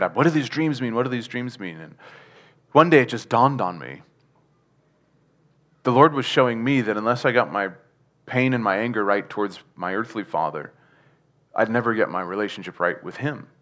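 A man's voice: on the low side, a bit bright. A man giving a sermon testimony, telling his story earnestly with chuckles and asking the congregation questions. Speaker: preacher.

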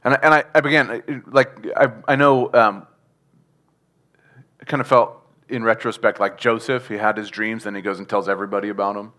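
A man's voice: on the low side, steady tone, moderate pace, bright, forceful tone. A man giving a sermon testimony, telling his story earnestly with chuckles and asking the congregation questions. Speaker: preacher.

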